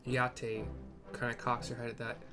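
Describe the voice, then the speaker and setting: A man's voice: mid-range voice, monotone, moderate pace. A man narrating a game story with audio descriptions, casual and often apologizing for himself. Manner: self-deprecating, apologetic. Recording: game music behind voice.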